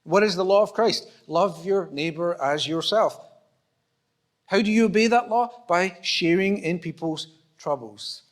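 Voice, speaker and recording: A man from Scotland with a high-pitched voice preaches at a measured pace in a church auditorium. His sermon feels conversational, with acted-out exchanges and humour aimed at himself.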